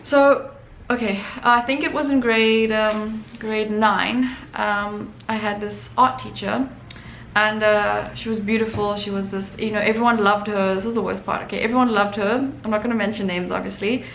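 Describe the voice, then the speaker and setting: A woman's voice: mid-range voice, steady tone, moderate pace, creaky, a bit bright. A young adult woman, an artist hosting her own channel, telling a personal story in a chatty way with many fillers and restarts. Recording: echoey room with faint noise.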